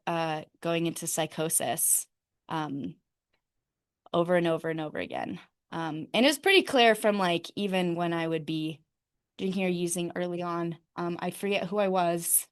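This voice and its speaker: A woman speaking at a recovery meeting, telling her own story in a halting way, with many fillers and frequent laughs. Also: fairly low pitch, clear, resonant tone.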